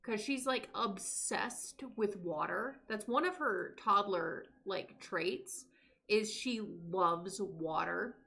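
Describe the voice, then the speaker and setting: A woman's voice: mid-range voice, takes it slowly, vocal fry, sharp tone. A young woman streaming a life-sim game, chatting casually to her characters and to her viewers. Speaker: live streamer. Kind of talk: casual gameplay commentary.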